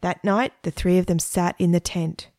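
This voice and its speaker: A woman reads a children's story aloud, gentle and unhurried. Her voice sits low for a woman. The recording is dry and close, with no room sound. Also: steady tone, dry recording.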